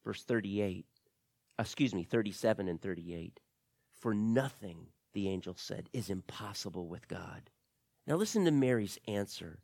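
A man preaching a sermon as pastor, reading scripture aloud with emphatic stresses and soft drops. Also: lowish voice, expressive, a little slow, gravelly, pauses often, dry recording, clean studio sound.

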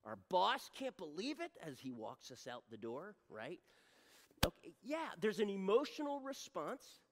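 A pastor delivers a sermon in a highly expressive, sweeping voice, rising to loud exhortation and dropping to a near-whisper. The preacher keeps checking in with the congregation with quick rhetorical asides. A long, lingering reverb of a large church hall trails every phrase. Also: noisy background. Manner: direct address to congregation, repeated rhetorical checks.

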